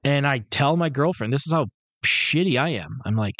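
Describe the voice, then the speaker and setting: A man's voice: medium pitch, animated, moderate pace, fairly bright tone, dry recording. A man co-hosting a podcast, telling a rambling, profane story and acting out the quotes. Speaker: podcast co-host. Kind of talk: casual storytelling chat.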